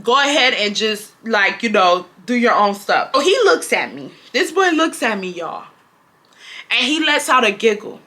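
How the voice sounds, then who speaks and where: A woman's voice: fairly high pitch, moderate pace. A young woman, telling a casual personal story to her viewers and acting out her own lines. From Houston, Texas. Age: 20s. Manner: animated, acts out her own lines with swearing and laughs. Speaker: storytime vlogger.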